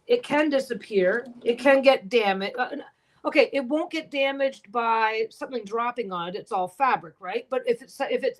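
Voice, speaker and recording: Blunt, foul-mouthed woman, fairly high voice. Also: low-quality recording. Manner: swears a lot, blunt and talkative. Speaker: quilter and livestream host. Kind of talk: casual livestream chat while sewing. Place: home sewing room.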